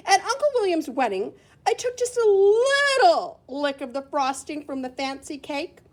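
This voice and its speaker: A woman teacher reads a picture book to children, her voice sitting high and leaping widely. She exclaims over each picture and chats with a helper as she turns the pages. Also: slightly rough. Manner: animated, exclaiming, talks to a helper. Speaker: teacher reading aloud to children. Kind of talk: expressive read-aloud for kids.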